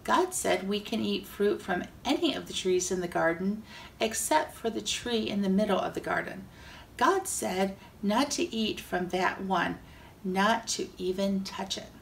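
Eve in a children's storybook speaks earnestly and plainly, as a woman reads her. The voice carries a light gravel. It is recorded a little away from the mic. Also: mid-range voice, measured pace, far from the mic, a little hiss or hum.

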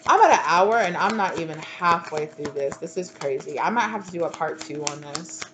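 Sassy low-voiced woman tarot reader. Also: expressive, moderate pace, background noise. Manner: sassy, slangy, laughs at herself. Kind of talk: casual channeled tarot reading.

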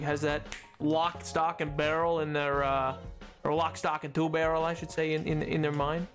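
On the high side and fairly bright, this young streamer's voice carries casual chatter as he plays. He rambles playfully, answers questions aloud, and keeps self-correcting along the way.

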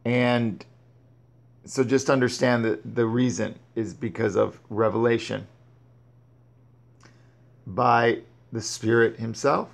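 A man with a rough, gravelly voice works slowly through scripture. He reads a verse, then breaks off to explain it and urge the listener on. His words often trip and restart before he picks the reading back up. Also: mid-range voice. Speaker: Bible teacher.

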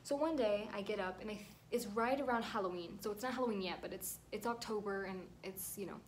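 A woman's voice: medium pitch, fairly quick, slight background noise. A young woman telling a rambling, emotional storytime vlog at home, at times close to tears. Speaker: vlogger.

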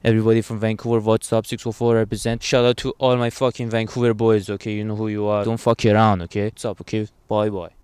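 A man's voice: on the low side, flat delivery, fast talker, few pauses, a little mellow, clean tone, no room sound. A man giving a crude, profane comedic tour of his city from a moving car, tagging nearly every line with a questioning "okay?". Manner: brash and profane, tags lines with "okay?". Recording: road and traffic noise. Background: car and street noise.

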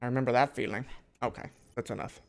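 A man's voice: mid-range voice, fairly even intonation, fast, gravelly. A young man giving casual gameplay commentary, brash and joking, swearing often and talking back to the game. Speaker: gaming video host.

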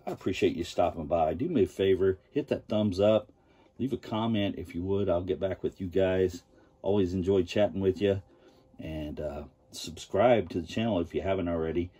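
A man hosting a casual vlog, showing his comic collection in a relaxed and enthusiastic way. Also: low-pitched, moderate pace, breathy edge. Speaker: comic collector channel host. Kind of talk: casual show-and-tell vlog.

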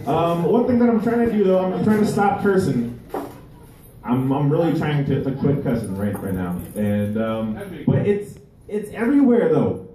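A male stand-up comedian performing a live set, rambling and halting, with many restarts. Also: fairly high pitch, sing-song, noisy background. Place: live comedy venue with audience. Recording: echoey room, voice far from mic.

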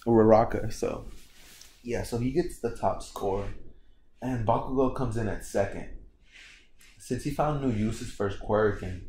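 A man's voice: medium pitch, darkish tone, slight background noise. A young man casually retelling a fan story, rambling and often filling with "like" and "you know". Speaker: video creator.

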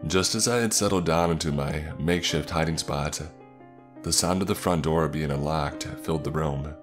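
Man with an extremely deep narrating voice. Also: over music. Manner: measured, suspenseful reading. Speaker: storyteller. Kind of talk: scripted horror narration.

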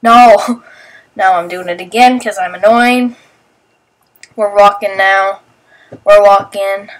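A woman's voice: medium pitch, fairly even intonation, slow, far from the mic. Chatty young woman narrating her clips. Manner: rambling and chatty, narrating what friends do and acting out their lines. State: sleepy, just woke up. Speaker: vlogger. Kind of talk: casual voice-over commentary on video clips.

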